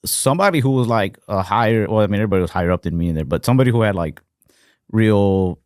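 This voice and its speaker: Low-voiced man telling rambling profane stories. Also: fast talker, dry recording, clean studio sound. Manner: rambling, profane, animated anecdotes with voiced quotes. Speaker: podcast co-host. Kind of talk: casual storytelling chat.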